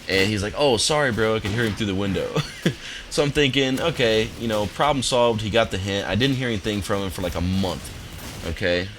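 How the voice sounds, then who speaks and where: Laid-back low-voiced young gamer guy. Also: a little fast, a bit bright, soft background music, low-quality recording. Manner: laid-back, rambling, amused. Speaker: gaming commentator. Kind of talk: casual storytelling over gameplay. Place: home office.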